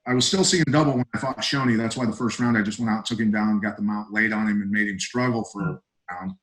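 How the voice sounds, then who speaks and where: A middle-aged man, a retired fighter, telling stories as a podcast guest in a blunt, emphatic, animated way. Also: fairly low pitch, fast, rough recording. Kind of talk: casual podcast storytelling.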